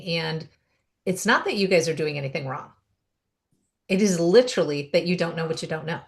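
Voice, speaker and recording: A middle-aged woman hosts an interview in a low voice. She sounds upbeat and encouraging and explains things at length. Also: fairly quick, long pauses. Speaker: host.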